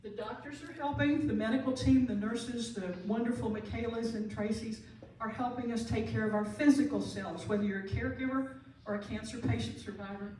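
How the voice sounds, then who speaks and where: Woman speaker, fairly high voice, earnest and emphatic, caught by a distant mic in a very echoey hall with faint hiss. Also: steady tone, brisk, darkish tone. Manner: earnest, repeats key phrases for emphasis. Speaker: end of life doula and pastor giving a talk. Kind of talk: conference talk to a live audience. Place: large room, speaking to an audience. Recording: very echoey room audio from far off, light hiss.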